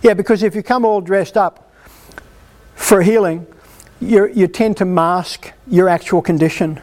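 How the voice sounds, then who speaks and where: A male preacher with a fairly high voice delivers a sermon at a healing meeting. He speaks emphatically and with lively drive, pressing the congregation to act. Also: measured pace. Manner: emphatic, animated, exhorting the congregation.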